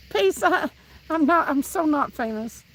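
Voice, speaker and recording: Speaking slowly in a high-pitched, expressive, somewhat bright voice, a Southern-accented woman from Tennessee hosts a live stream while fishing by the water outdoors. She reads viewers' chat in a casual, laughing way and frequently restarts sentences. The recording is low quality.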